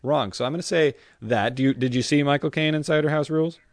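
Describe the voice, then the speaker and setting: A man's voice: fairly high pitch, fast talker, no room sound, studio quality. A man co-hosting a podcast in casual chat, rambling with frequent stammers and restarts. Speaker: podcast co-host.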